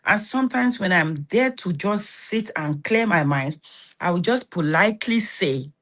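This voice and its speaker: A woman's voice: medium pitch, lively intonation, a little slow, a bit bright. Blunt Nigerian woman giving self-help advice. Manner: blunt, scolding advice with rhetorical check-ins. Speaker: host. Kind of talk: motivational self-help talk.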